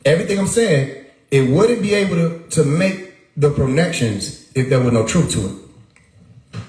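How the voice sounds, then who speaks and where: A man's voice: fairly high pitch, expressive, unhurried, darkish tone. Emphatic man talking in an echoey room. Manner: emphatic, repeats words, rhetorical questions. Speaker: livestream host. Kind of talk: casual livestream monologue.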